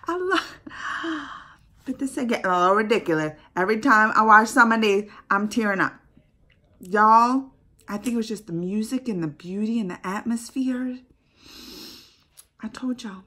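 A woman's voice: on the high side, measured pace, a bit bright. A woman hosting a casual reaction vlog, gushing emotionally to her viewers and often dropping to a whisper. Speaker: YouTube reaction host.

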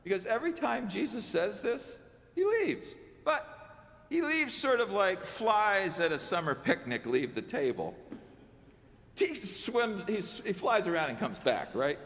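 Male pastor, sermon, chatty asides to the pews, gravelly, long church echo. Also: high-pitched, big pitch swings, a little slow, fairly bright tone. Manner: conversational preaching with asides to the congregation. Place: church sanctuary.

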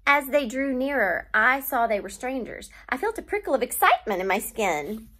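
A woman teacher reading a children's novel aloud to her class, with steady storytelling and pauses to name literary devices. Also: fairly high pitch.

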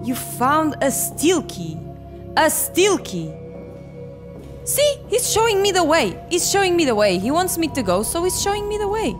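A woman in her twenties with a very high voice that swoops wildly in pitch plays a horror game, commentating at a moderate pace for a let's play video. She's a gaming video creator, and she reacts with exclamations and swearing while game music plays behind her.

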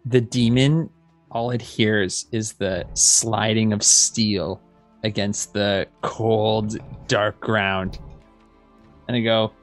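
A man playing a tabletop game, describing his character's moves in a hesitant, halting way with repeated words. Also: fairly low pitch, fairly even intonation, soft background music. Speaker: player. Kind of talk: tabletop role-play.

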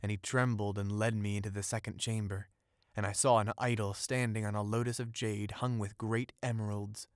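A man narrating an audiobook of a classic fairy tale, in a steady, ornate storytelling read on a close mic. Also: fairly low pitch, moderate pace, no room sound.

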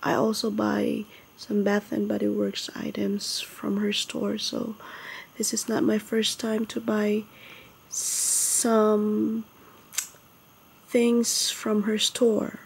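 Whispered haul vlog, young woman, from the Philippines, breathy hushed voice, slow, gravelly edge. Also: mid-range voice. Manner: whispering softly, excited. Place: home at night, others asleep.

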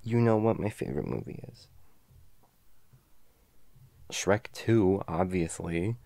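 A young man in a whispered role-play as a goofy, playful boyfriend, drifting between silly chatter and soft tender asides. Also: deep voice, lively intonation, takes it slowly, creaky, no echo.

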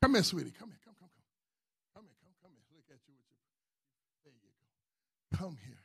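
A man preaching in church, his voice gravelly and husky with a lot of fry. He swings high and lively, building into shouted runs and calling members of the congregation forward. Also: brisk. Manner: preaching with rising, shouting emphasis and calls to the congregation. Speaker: pastor. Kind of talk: sermon.

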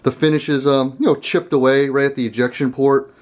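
A man's voice: medium pitch, lively intonation, moderate pace. A man hosting a casual gun vlog, talking to camera in a rambling, conversational way and chuckling often. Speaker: gun channel host.

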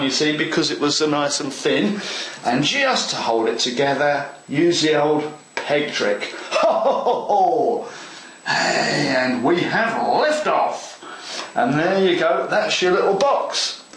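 A man's voice: a little high, lively intonation, moderate pace, a bit bright, roomy sound, poor audio. Chatty man demonstrating model-making. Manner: chatty and enthusiastic, talks to the viewer. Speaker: model railway tutorial host. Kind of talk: hands-on craft demonstration.

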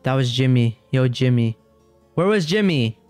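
A man's voice: mid-range voice, animated, moderate pace, a little mellow, smooth. A young man streaming a game and talking casually to his chat, jumpy and rambling, often repeating himself when he gets scared. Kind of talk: casual gaming commentary to chat. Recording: dry close mic, faint game music.

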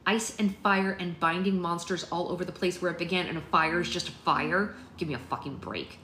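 Woman voicing a fiery, blunt young witch; lowish voice, echoey room. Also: a little fast, pushed and bright. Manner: blunt and exasperated, swearing. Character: fiery, sharp-tongued young witch daughter. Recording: roomy sound with faint noise.

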